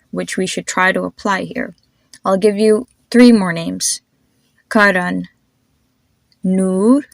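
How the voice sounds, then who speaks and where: A woman hosting a pronunciation lesson, demonstrating sounds slowly and repeating them for the listener. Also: medium pitch, vocal fry, no echo. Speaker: host teaching pronunciation.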